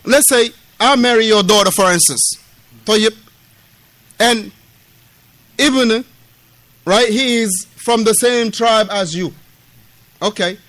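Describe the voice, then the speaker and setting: Man from West Africa, mosque lesson, emphatic and repetitive, street slang with Arabic terms, bright forceful tone, dry sound. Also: high-pitched, slow, long pauses, no room sound. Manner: acts out quoted dialogue. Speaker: Islamic lecturer. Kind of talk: mosque lesson explaining a classical text.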